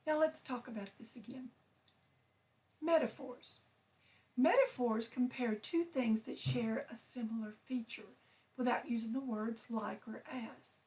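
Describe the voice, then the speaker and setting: A woman teacher presenting a children's lesson, explaining patiently and enunciating clearly. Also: a little high, measured pace, darkish tone, distant mic.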